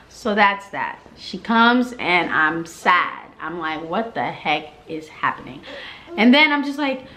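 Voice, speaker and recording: A woman's voice: on the low side, very animated, slow, sharp tone. A young woman telling her birth story in casual vlog style, acting out the people she quotes.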